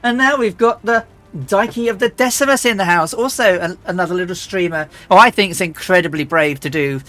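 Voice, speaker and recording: A woman streamer chatting casually and rambling as she flies a simulator, often restarting and clearing her throat. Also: fairly low pitch, fairly quick, fairly bright tone, faint music behind. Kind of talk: casual live-stream chat while flying a flight simulator.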